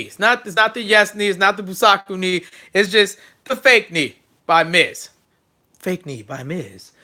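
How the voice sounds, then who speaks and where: An excitable young man runs through a wrestling recap on his own, chatty and quick to joke like a fan. His voice sits high and sounds very bright and sharp. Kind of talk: casual solo recap.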